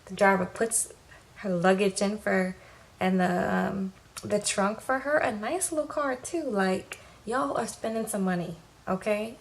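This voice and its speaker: A woman giving a casual, animated recap of a TV episode, talking in slangy, lively fashion. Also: medium pitch, rough recording. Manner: animated, slangy, acts out quotes. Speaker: TV recap vlogger. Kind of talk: casual recap with acted quotes.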